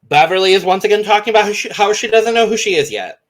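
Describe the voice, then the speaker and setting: A man in his twenties with a mixed Southern and Californian accent, co-hosting a podcast in a chatty, animated way. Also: high voice, fast. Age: 20s. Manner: chatty, animated, acts out quotes. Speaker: podcast co-host. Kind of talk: casual chat.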